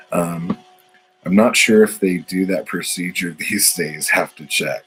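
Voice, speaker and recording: A man's voice: deep voice, a little slow, a bit bright, a little hiss or hum, low-quality recording. A man, a poet, talking in a casual, profane, meandering monologue full of fillers.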